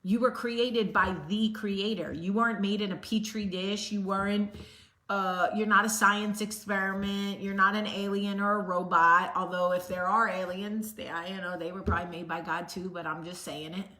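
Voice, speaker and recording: A woman's voice: medium pitch, fairly even intonation, moderate pace, bright, forceful tone. A woman host giving a blunt, sassy motivational talk straight to the camera. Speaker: vlog host. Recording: roomy echo.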